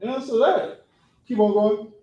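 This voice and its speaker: A man teaching a religious class in a classroom, animated and acting out people's reactions with mock voices. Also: extremely high pitch, unhurried, highs cut off, slight background noise. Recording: echoey room, far from the mic.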